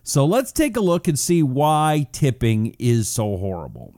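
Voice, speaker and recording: Lively, mellow-voiced male talk host. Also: mid-range voice, a little slow, no echo, studio quality. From Washington State, US. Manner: loose and chatty, drawling out words for effect, many "uh" fillers. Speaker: radio talk show host. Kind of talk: casual talk show monologue, reading out audience messages.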